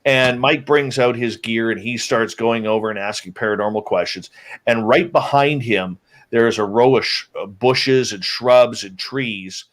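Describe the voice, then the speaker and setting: Man telling an outdoor story casually. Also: lowish voice. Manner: lively, acts out the quoted lines of his companions. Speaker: guest telling an encounter story.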